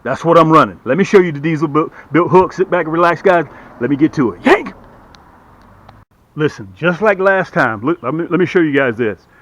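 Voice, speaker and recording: A middle-aged man casually demonstrating and selling fishing hooks to the camera, talking in a repetitive, lively salesman patter and calling viewers "guys". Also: a little high, a little fast. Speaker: fishing gear seller and channel host. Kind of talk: casual product demo to camera.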